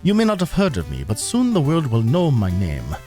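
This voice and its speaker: A man's voice: mid-range voice, wildly swooping pitch, brisk, mellow, faint music behind. A man hamming up a boastful villain scientist, mock Russian accent. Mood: grandiose. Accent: mock Russian, shaky. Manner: exaggerated, self-aware hammy reading. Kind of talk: comic reading of a game manual.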